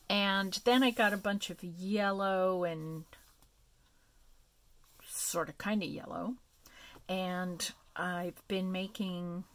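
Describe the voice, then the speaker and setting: Slow, gravelly-voiced woman showing crafts. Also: on the low side, fairly even intonation. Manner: soft, meandering, thinking aloud with many fillers. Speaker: craft vlogger. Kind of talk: casual crafting show-and-tell.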